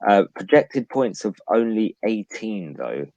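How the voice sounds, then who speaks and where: Low-voiced man reeling off stats. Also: sing-song, unhurried, creaky, dark tone, no room sound, dull audio. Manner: reels off stats, laughs at his own slips. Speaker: podcast co-host. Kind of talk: casual chat about fantasy football.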